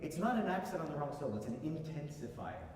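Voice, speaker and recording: A man conducting a master class, coaching a singer with animated remarks and sung demonstrations. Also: on the high side, fast talker. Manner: animated, sings phrases to demonstrate. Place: concert hall. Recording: echoey hall, voice from far off.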